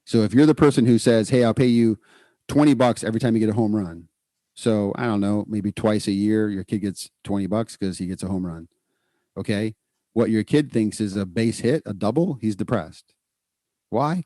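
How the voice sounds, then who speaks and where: A middle-aged man co-hosting a podcast in casual, energetic chat, repeating words for emphasis. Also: on the low side, normal speed, no echo, studio quality. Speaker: podcast co-host, psychologist.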